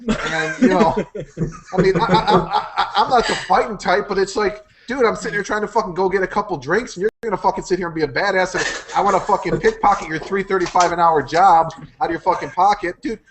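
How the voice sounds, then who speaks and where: A man's voice: high-pitched, a little fast, noisy background. A young man on a podcast, ranting and telling a story full of swearing in casual chat. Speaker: podcast co-host.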